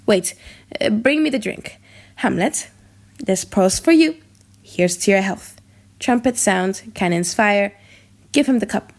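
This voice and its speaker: A woman's voice: mid-range voice, lively intonation, takes it slowly, long pauses. A woman reading the lines of a scheming older king in an audiobook drama, commanding and ceremonious.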